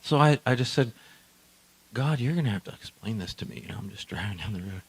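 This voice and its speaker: A man preaching a sermon, swinging between quiet asides and loud emphatic declarations. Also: on the low side, lively intonation, quick pace, slightly rough, low-quality recording. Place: church hall.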